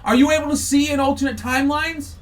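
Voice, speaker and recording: A man's voice: very high-pitched, flat delivery, fast talker, far from the mic. A man hosting a podcast, launching into a heated, profane, mocking political rant. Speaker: podcast host.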